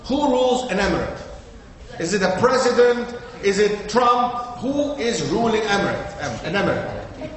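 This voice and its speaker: A man with a high voice teaches a group in a community hall, tossing out questions and checking that listeners follow. The sound is very echoey, like a large room heard through a long reverb, with a little faint noise underneath. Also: big pitch swings, normal speed, fairly bright tone. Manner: quizzes the audience, checks with "okay?". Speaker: lecturer. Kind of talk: interactive classroom talk.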